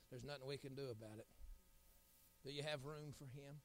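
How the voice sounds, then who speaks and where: A middle-aged man, an evangelist preaching a sermon, telling folksy stories and building to loud, shouted appeals. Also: on the high side, lively intonation, a little fast, no echo.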